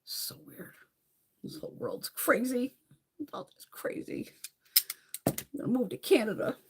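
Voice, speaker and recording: A woman from the United States hosts a makeup livestream from home, talking straight to her viewers. Her pitch swings widely as she chats, and she swears freely and laughs often between bluntly spoken opinions. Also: animated, unhurried, breathy edge. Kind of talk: casual livestream chat reading viewer comments.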